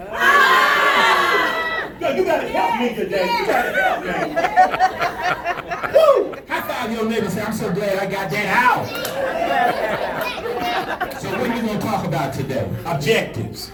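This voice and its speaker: A man, a pastor and life coach giving a playful motivational keynote, rallying the audience to shout along. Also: sits high. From Alabama. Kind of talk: lively motivational speech to an audience. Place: large banquet hall with an audience. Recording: echoey hall, distant mic, audience noise.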